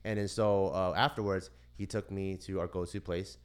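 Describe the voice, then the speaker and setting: A man on a casual podcast, telling a story in lively, profane fashion and acting out the people in it. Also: low-pitched, moderate pace, clear, resonant tone. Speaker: podcast co-host.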